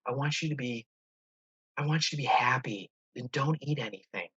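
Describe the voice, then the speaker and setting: A man's voice: mid-range voice, normal speed, fairly bright tone, breathy edge, no echo, dull audio. A coaxing, falsely caring inner voice, put on by a man.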